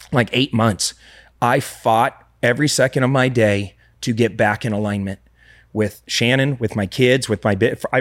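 Low-voiced man telling a candid confession. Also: dry recording, studio quality. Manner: earnest, confessional, with frequent restarts. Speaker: podcast guest. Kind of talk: candid personal storytelling.

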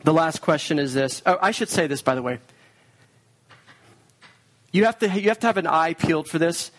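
Man, pastor, sermon, earnest preaching, fairly high voice. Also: animated, normal speed, a bit bright.

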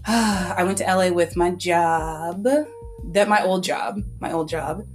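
A woman's voice: fairly low pitch, slow pace, soft background music. A young woman talking as a podcast guest in a casual chat, telling stories animatedly with lots of "like" and frequent laughter. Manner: animated storyteller, heavy use of "like", laughs often.

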